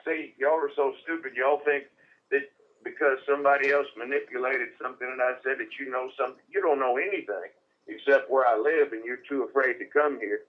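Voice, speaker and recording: A man's voice: mid-range voice, fairly even intonation, a little fast. Man, insulting, lecturing, phone argument, dull lo-fi audio. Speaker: prank call target.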